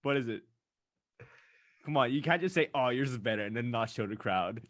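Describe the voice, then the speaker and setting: A man's voice: mid-range voice, no room sound. Young man ranting on a podcast, dry sound. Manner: animated ranting, quick asides. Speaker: podcast host. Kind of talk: casual chat.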